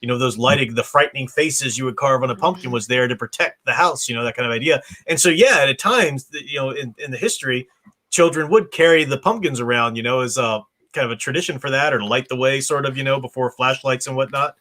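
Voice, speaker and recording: American male host, book discussion, reads the lines with animated voices. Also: mid-range voice, fast. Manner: reads dialogue with lively expressive voices. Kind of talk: reading aloud and discussing a novel.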